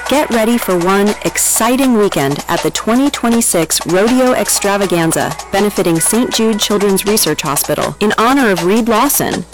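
A woman's voice: medium pitch, animated, moderate pace, hardly any pauses, over music, rough recording. A woman reading a scripted promotional radio ad in an upbeat voice. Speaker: ad announcer. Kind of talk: scripted ad read.

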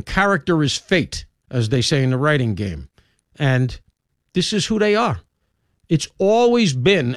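A man hosting a talk radio show, talking through his lineup in an opinionated monologue with emphatic swings in pitch and loudness. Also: gravelly, no echo, studio quality. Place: radio studio.

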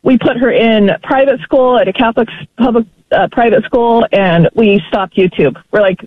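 A woman calling in to a radio talk show, telling her story in an emphatic, animated way and laughing often. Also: on the high side, moderate pace, no echo. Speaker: caller. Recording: tinny phone line.

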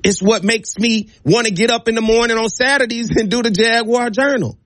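Emphatic high-voiced man, dry sound. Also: fairly even intonation, brisk, a bit bright, dry recording. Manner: emphatic, preachy, addresses listeners directly. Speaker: show host. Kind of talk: passionate opinion monologue.

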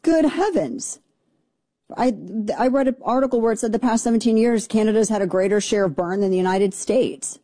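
A woman's voice: medium pitch, steady tone, quick pace, few pauses, mellow, no echo. A woman hosting a political commentary show, talking in an indignant, exasperated way with many restarts. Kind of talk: opinionated commentary monologue.

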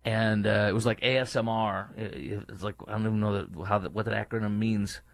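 A man's voice: steady tone, brisk, gravelly, no echo. Indignant man ranting in a dry room. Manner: indignant, emphatic ranting with sudden jumps in pitch and loudness; drops to low, muttered asides. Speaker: political commentary host. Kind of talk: opinionated monologue.

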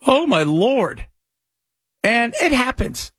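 A male talk radio host with a husky voice, chatting in a rambling, animated way and reading ads quickly. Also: extremely high pitch, no room sound, studio quality. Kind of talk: casual talk radio commentary.

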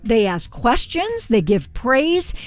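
Female radio host, upbeat, fairly high voice, running the segment over faint music. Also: wildly swooping pitch, slow. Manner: upbeat, leads the segment with questions. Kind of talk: morning radio chat.

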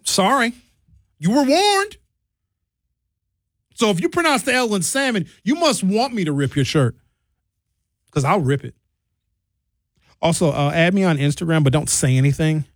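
Man, talk radio host, comic rant, slightly high voice, dry studio mic. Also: animated, moderate pace, pauses often, dry recording. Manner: ranting, comic, puts on mocking voices. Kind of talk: casual radio monologue.

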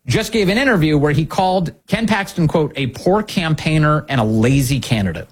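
A man delivers political commentary with a husky edge and a voice that swings up and down. He is sarcastic and emphatic, and he keeps hammering his points with rhetorical questions. His pitch sits a bit high for a man. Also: lively intonation, normal speed, hardly any pauses.

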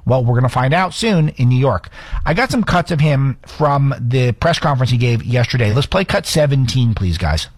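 A man hosting an opinionated political commentary show, talking in a quick, sarcastic, emphatic way with frequent restarts. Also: mid-range voice, very animated.

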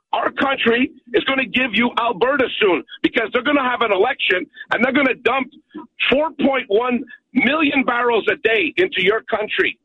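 A man's voice: extremely high pitch, husky, no room sound. Emphatic Canadian man on a phone line. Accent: Canadian, Montreal. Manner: emphatic, repeats "okay?" often. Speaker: caller. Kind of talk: call-in radio rant. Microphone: telephone.

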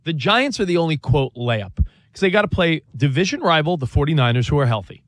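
A man co-hosting a sports talk show, talking through a team's schedule in an animated, rambling way with many restarts and self-corrections. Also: on the high side, fairly quick, dry recording, studio quality. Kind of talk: casual sports debate.

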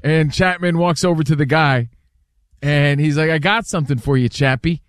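A man co-hosting a casual chat show, telling a story with lively acted-out bits. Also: fairly high pitch, moderate pace, no echo, studio quality. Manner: animated storyteller, acts out voices. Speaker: co-host.

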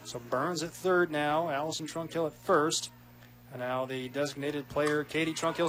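Man calling softball on the radio. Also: on the high side, faint music behind. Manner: quick, rising with big plays. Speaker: play-by-play announcer. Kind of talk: radio sports commentary.

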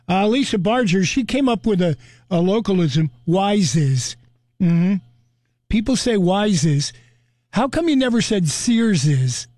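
An older man hosts a morning radio show, chatty and amused as he reads out what listeners wrote in. His voice sits high for a man and he takes his time. The sound is close and dry. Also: darkish tone, no room sound. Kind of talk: radio talk segment reading listener comments.

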